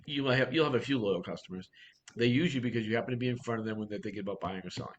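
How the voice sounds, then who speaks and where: A man's voice: medium pitch, very fast, muffled recording. A man coaching real estate agents in a workshop talk, blunt and direct, firing off rhetorical questions.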